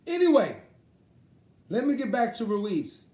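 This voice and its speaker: A man with a slightly high voice chats on a live stream, swearing freely and breaking into laughter. He talks directly to his viewers as if they are in the room. The sound carries a noticeable roomy echo. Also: normal speed, mellow. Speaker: sports talk streamer. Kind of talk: casual livestream chat about boxing.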